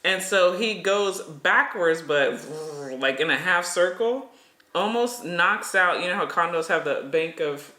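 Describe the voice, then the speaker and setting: A middle-aged podcast co-host telling a story in casual chat, animated and breaking into nervous laughs. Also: medium pitch, measured pace. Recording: echoey room.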